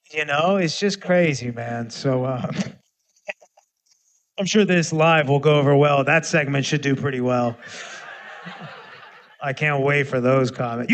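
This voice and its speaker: Brief: 30s man, high voice, livestream rant into a phone camera, profane and animated. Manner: animated, ranting, profane, swings between loud and muttered. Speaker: musician hosting a livestream.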